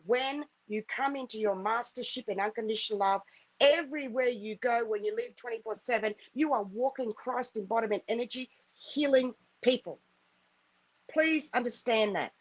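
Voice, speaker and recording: The same kind of live stream finds a middle-aged spiritual healer recounting a personal story in an earnest, repetitive, emphatic manner. Her fairly high voice moves at a moderate pace, with no room sound and a muffled recording.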